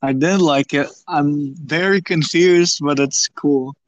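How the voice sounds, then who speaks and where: Brief: young podcaster, unhurried drawl, dead-dry close sound, laughs a lot. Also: mid-range voice, fairly even intonation, dry recording, dull audio. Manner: laid-back, laughs often. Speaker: podcast co-host. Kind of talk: casual chat.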